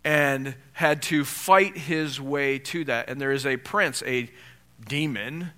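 A man's voice: medium pitch, takes it slowly, bright, forceful tone. A man preaching a sermon in a conversational way, often asking the congregation rhetorical questions and lifting his voice when he reads scripture. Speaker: pastor.

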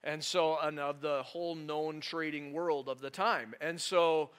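A male pastor preaching a conversational sermon, animated and full of rhetorical questions to the congregation. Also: fairly high pitch, unhurried, smooth.

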